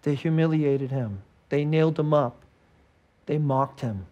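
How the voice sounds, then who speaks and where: A man preaching a sermon as pastor, talking conversationally and dropping to hushed tones between livelier stretches, with laughs between phrases. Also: a little high, measured pace, muffled recording.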